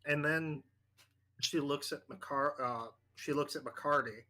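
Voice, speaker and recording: A man acting as game master, narrating a tabletop horror game in a halting way with many fillers. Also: on the high side, pushed and bright.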